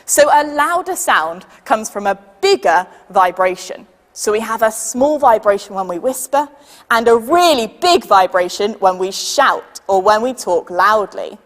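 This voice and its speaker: A woman with a British accent leading a children's science demonstration, patient and lively, counting down for the audience to join in. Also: mid-range voice, unhurried, big-room sound. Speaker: science workshop leader.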